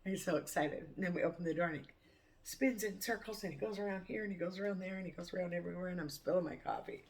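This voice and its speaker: A woman's voice: on the low side, rapid-fire, slight background noise. A woman vlogger chatting casually to camera over morning coffee, rambling and laughing often. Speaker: cooking vlogger.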